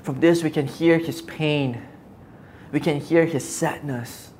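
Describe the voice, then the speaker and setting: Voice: medium pitch, takes it slowly, darkish tone, a little hiss or hum. A preacher giving an earnest, reflective Bible teaching, asking rhetorical questions as the talk goes on.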